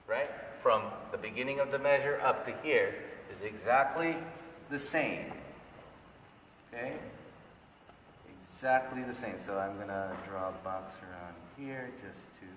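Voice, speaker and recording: A man's voice: medium pitch, measured pace, fairly bright tone, a little hiss or hum. A man teaching a note-reading class in a church, patiently counting beats aloud and checking that everyone follows. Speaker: music teacher. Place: church hall. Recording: echoey church hall from far off.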